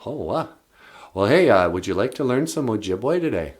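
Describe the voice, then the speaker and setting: A man co-hosting a podcast in easygoing, halting casual chat with many fillers. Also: on the low side, very animated. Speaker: podcast co-host. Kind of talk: casual comedic radio chat.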